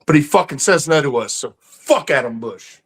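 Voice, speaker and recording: A man trading crude banter on a podcast, his voice slightly high and bouncing all over in pitch. He swears freely and slips into mocking high voices. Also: moderate pace, slightly rough, rough recording. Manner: animated, swears a lot, mimics others in high voices. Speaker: podcast co-host.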